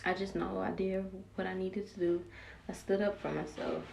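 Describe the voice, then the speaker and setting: A young woman telling a story from her teenage years while doing her hair, casual and animated, acting out what people said. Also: mid-range voice, moderate pace, creaky. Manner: animated, acts out quoted voices, slangy and candid. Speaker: vlogger. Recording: roomy echo with faint background noise.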